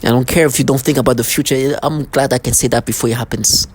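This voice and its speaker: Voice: medium pitch, fairly even intonation, quick pace, slightly rough, low-quality recording. A vlogger in an angry, threatening monologue who often repeats and restarts words.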